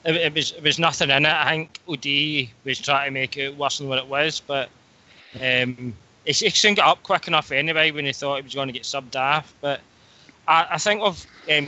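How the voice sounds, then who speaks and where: A man hosting a casual call-in radio show, talking in a halting way with frequent pauses. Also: fairly high pitch, pushed and bright. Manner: halting, pauses often mid-sentence. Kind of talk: casual sign-off chat.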